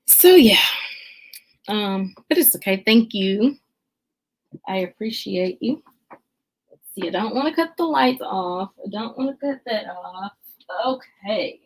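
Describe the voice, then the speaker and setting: Slow-talking woman livestreaming. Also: mid-range voice, animated, slight background noise. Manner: chatty, greets viewers by name, many filler pauses. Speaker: livestream host. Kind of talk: casual livestream chat.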